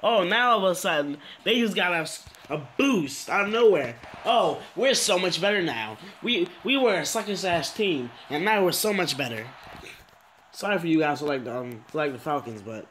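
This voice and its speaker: A young man commentates on his own game in frustration, his fairly high voice leaping all over the place. He drops into low grumbles, then bursts out in exasperated, swearing complaints, with a faint hiss of noise behind him. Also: expressive, moderate pace, a bit bright. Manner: swings between muttering and exasperated outbursts, swears a lot. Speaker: gaming commentator.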